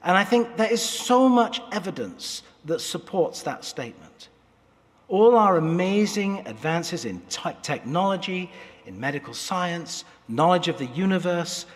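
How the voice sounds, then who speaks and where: A man's voice: high voice, sing-song, measured pace. A man preaching a sermon as pastor, earnest and emphatic, letting his phrases fall away at their ends. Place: church sanctuary. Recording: church hall reverb.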